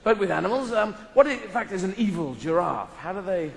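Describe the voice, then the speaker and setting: A man's voice: high voice, animated, fairly quick, creaky. A man doing live stand-up comedy in a large theatre with a playful, rambling delivery. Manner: rambling, playful, broken schoolboy French. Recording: echoey hall, audience noise.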